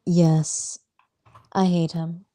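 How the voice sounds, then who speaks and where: A woman voicing a flirty, sultry female cartoon bat thief in a teasing fan role-play Q&A, with a husky voice. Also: on the low side, little pitch movement, drawn-out words, warm tone, a little hiss or hum. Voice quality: husky, gravelly. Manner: teasing, playful.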